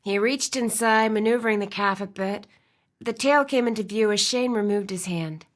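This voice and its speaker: A woman narrating a romance audiobook in an expressive storytelling style. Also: medium pitch, normal speed. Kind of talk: scripted narration.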